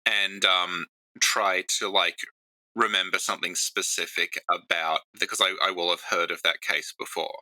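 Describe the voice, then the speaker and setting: A man's voice: low voice, flat delivery, moderate pace, bright, forceful tone, no room sound, poor audio. A man taking part as a player in a tabletop game, talking casually with hesitations.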